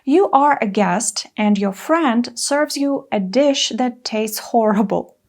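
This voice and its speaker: A woman in her thirties teaching an English lesson, speaking clearly and carefully and acting out example phrases. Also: a little high, animated, slow.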